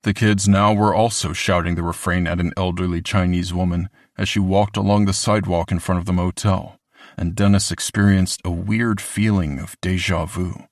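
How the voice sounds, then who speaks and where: Male audiobook narrator, very deep voice, dry close studio sound, steady scripted reading. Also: moderate pace, no echo.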